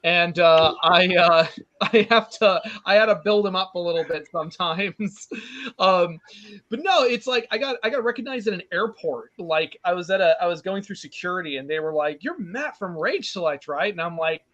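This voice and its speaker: A bubbly man joins a casual chat over a video call, his voice high and lively as he laughs between thoughts. The call audio comes through dull and muffled. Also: normal speed. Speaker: guest comic artist.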